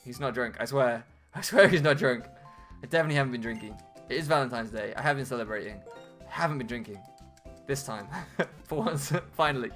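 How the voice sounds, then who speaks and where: A man's voice: medium pitch, a little fast, fairly bright tone. A young man chatting self-mockingly as host of a video game playthrough. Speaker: let's play host. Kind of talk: casual gameplay commentary. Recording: game music behind.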